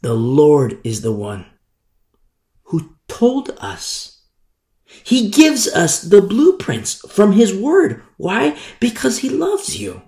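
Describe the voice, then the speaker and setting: A man's voice: high voice, huge pitch swings, slow pace, a little mellow, roomy sound. A man preaching a sermon as a pastor, emphatic and repetitive, sometimes mocking the voices of hypocrites.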